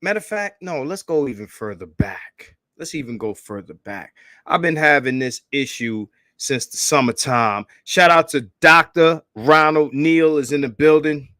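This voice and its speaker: A man hosting a casual livestream, hyped and profane, calling out shout-outs to viewers and begging for likes. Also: medium pitch, a little slow, dry recording, clean studio sound. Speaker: livestream host.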